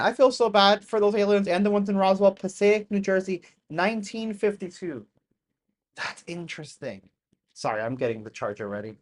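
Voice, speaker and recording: Live-stream host, casual reaction commentary, mid-pitched voice, excitable with sudden loud outbursts, chatty asides to the chat. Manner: excitable, bursts into loud exclamations; chatty, apologetic asides to viewers.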